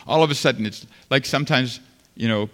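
A man preaching a sermon as pastor, swinging between loud fervent passages and quiet, earnest stretches. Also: medium pitch, a little fast. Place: large church sanctuary. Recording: long hall reverb.

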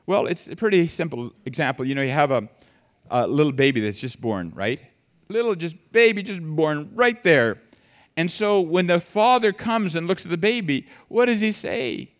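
A man gives a sermon, reading scripture and explaining it with animation, his delivery swinging between soft and loud. His voice sits on the high side at a moderate pace.

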